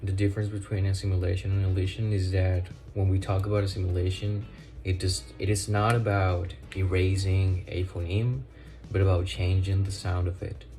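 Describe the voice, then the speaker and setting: Low-voiced young man explaining word stress. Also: level tone, normal speed, dark tone, faint music behind. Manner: loose explanatory, with fillers like "like". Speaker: student presenter. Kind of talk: class presentation voice-over.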